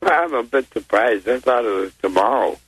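A man in his sixties from the United States, a guest on a phone-in talk show, speaking in a slow, rambling, hesitant way. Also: medium pitch, animated, a bit bright, husky. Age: 60s. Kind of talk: casual interview chat. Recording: phone line.

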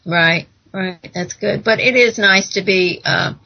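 An American woman chats over a muffled internet call, her voice gravelly and husky. She talks in an affirming, reflective way, often agreeing with the others. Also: medium pitch, measured pace. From United States. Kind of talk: casual podcast chat.

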